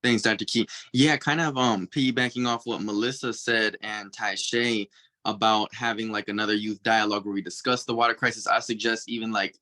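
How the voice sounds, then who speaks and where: A man's voice: on the low side, fairly even intonation, brisk, sharp tone. A young man from Flint, Michigan, speaking as a youth panelist on a video call, telling stories animatedly and mimicking other people. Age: young adult. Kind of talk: casual panel discussion.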